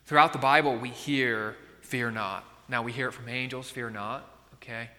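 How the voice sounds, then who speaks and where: Bright-voiced preacher man in a reverberant hall. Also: mid-range voice, steady tone, normal speed. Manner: conversational, keeps checking in with the listeners. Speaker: pastor. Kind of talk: sermon.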